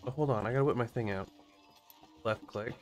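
A gaming partner giving quick instructions and dry jokes in a casual co-op session. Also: medium pitch, music in the background.

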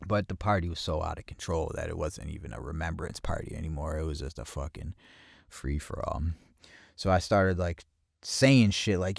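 A man telling a rough story in a blunt, streetwise way, swearing heavily and acting out the voices of the people in it. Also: a bass voice, moderate pace, no room sound, studio quality. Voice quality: heavy swearing, acts out quoted voices loudly. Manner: blunt, streetwise, animated retelling. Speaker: podcast host telling a personal story. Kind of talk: casual storytelling monologue.

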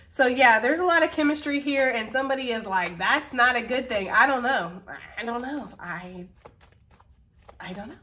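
Tarot reader, woman, casual and frank, laughs a lot, voice a touch high. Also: fairly bright tone. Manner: chatty, laughs often, swears casually. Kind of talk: casual tarot reading monologue.

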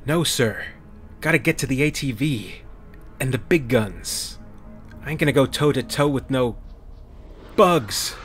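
Brief: a man playing a frightened marine, pitched up, loud. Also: lively intonation, a little slow, pauses often, soft background music. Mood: panicked. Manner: panicky, loud. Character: panicked male marine soldier.

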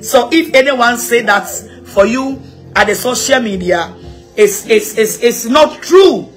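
A Ghanaian woman evangelist giving an impassioned, animated address, repeating herself and laughing between points. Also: a little high, unhurried, faint music behind. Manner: animated, repetitive, mixing local-language phrases, laughing asides. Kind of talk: impassioned social media address.

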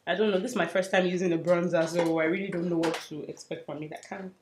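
A woman's voice: fairly low pitch, fairly even intonation, fast talker. Chatty woman in a roomy echo. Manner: chatty, self-mocking, drifts to soft murmurs while working. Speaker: beauty vlogger. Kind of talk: casual makeup tutorial chat. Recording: roomy echo, faint hiss.

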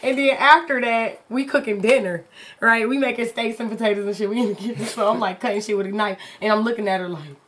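Animated woman telling a story. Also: on the high side, fast. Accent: Detroit. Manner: animated, acts out the voices in her story. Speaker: podcast guest. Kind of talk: casual storytelling.

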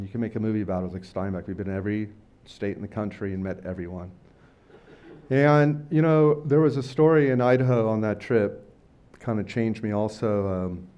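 A middle-aged man speaking at a lecture event, telling stories in a loose, rambling, slangy way and acting out quotes with sudden jumps in pitch and loudness. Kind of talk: casual storytelling talk. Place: lecture venue before a live audience.

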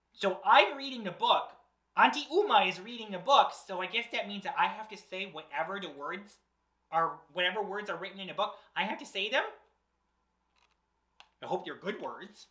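A woman's voice: medium pitch, pushed and bright. A woman hosting a children's storytime, reading a book aloud in a playful, theatrical, mock-exasperated way. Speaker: drag storytime host. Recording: roomy echo.

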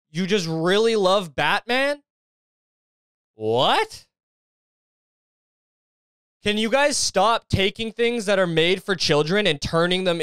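A young man hosts a comedy podcast with a sarcastic, exasperated rant full of swearing. His voice sits somewhat high and sounds smooth and clear. The sound is dry and close. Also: fairly bright tone, no room sound. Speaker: podcast host.

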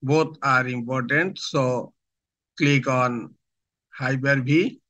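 Pausing between short phrases, a male IT instructor slowly walks through a software tutorial step by step. His voice is mid-range with fairly even intonation, and the recording quality is rough.

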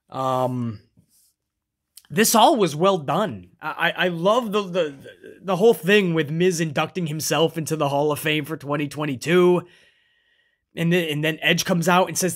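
A man's voice: a little high, fairly bright tone. A man recapping a wrestling show in casual commentary, swearing freely, tagging phrases with "man" and calling himself by name in the third person.

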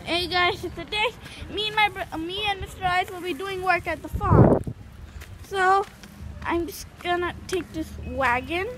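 A female host giving casual gameplay commentary, chatting and calling out loudly to her pets. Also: extremely high pitch, unhurried. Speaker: gaming channel host. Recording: clear background noise.

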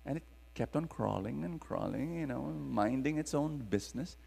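A man with a Filipino accent and a mid-range, slightly rough voice with vocal fry preaches at a moderate pace. He tells stories dramatically and calls on the live audience to respond, recorded in a large hall with long reverb.

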